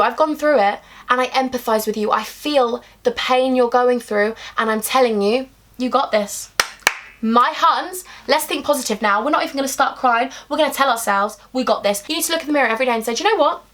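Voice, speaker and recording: A young woman in her twenties talks straight to camera in a heartfelt advice vlog. Her voice sits high, and she sounds earnest and openly emotional, speaking to her viewers with warm affection. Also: fast. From England. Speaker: YouTuber.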